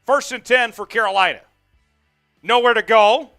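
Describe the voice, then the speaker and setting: A man's voice: very high-pitched, normal speed, vocal fry, bright, forceful tone, smooth, soft background music. Amped-up man hosting a live game stream. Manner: amped, hyped, calls plays and reads chat. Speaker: host. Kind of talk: live sports watch-along stream.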